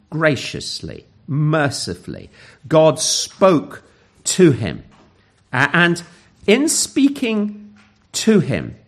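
A man preaching a sermon in an emphatic, earnest way, with dramatic pauses. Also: on the high side.

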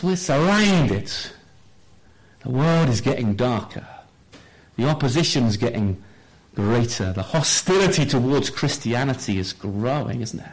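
High-voiced man preaching a sermon. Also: poor audio. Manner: animated storytelling, asks the congregation questions.

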